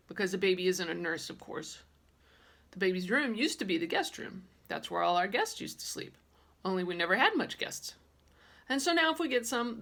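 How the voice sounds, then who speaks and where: Gravelly woman reading a kids' book. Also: fairly low pitch. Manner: lively, childlike storytelling. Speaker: audiobook reader. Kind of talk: children's audiobook narration.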